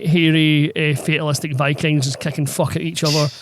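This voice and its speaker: A man's voice: on the high side, flat delivery, brisk, a little hiss or hum. A man co-hosting a tabletop gaming podcast, rambling and swearing with enthusiasm. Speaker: podcast co-host, game master. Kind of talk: casual podcast chat.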